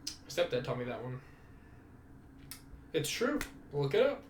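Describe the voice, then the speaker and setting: A man's voice: mid-range voice, sing-song, unhurried, slight background noise. A young man hosting a casual solo podcast, rambling and self-mocking, swearing freely. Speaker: podcast host.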